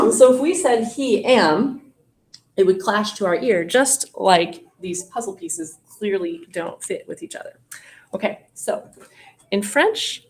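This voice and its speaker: Woman, French teacher; slow, patient classroom delivery with playful mock surprise. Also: medium pitch.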